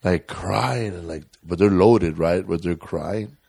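Podcast host, male, low voice, dry close sound, joking and candid. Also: fairly even intonation, unhurried, creaky, mellow, breathy edge, dry recording. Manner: joking, candid, drifts into heavy talk. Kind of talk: casual chat.

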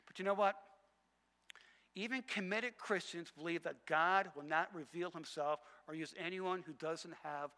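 A male pastor preaching a sermon, emphatic and repetitive, swinging between loud passages and hushed ones. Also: on the high side, normal speed, in a large hall.

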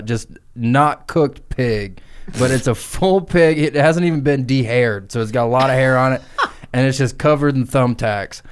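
A man's voice: mid-range voice, clean tone. A man co-hosting a comedy podcast, telling a crude improvised story in a rambling way. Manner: rambling, crude, giggling asides. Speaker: podcast co-host.

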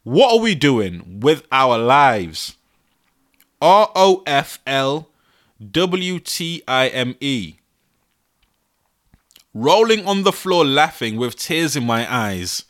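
Young male podcast host, bright voice, animated and exasperated, laughs often. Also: a little high, slow. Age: 20s. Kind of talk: casual solo podcast. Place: his bedroom.

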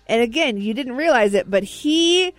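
A woman's voice: on the high side, animated, normal speed, no echo. A woman co-hosting a radio show in casual studio chat, teasing her co-host and laughing often.

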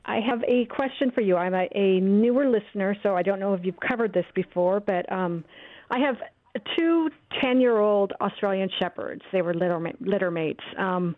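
A woman's voice: mid-range voice, normal speed, no echo. A woman calling in to a radio show, friendly and a bit hesitant with her question. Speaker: caller. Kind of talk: phone-in question. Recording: tinny phone line, dry.

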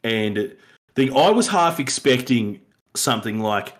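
A man chatting casually as a podcast co-host, rambling and animated, acting out lines he imagines characters saying. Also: medium pitch, normal speed. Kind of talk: casual film review chat.

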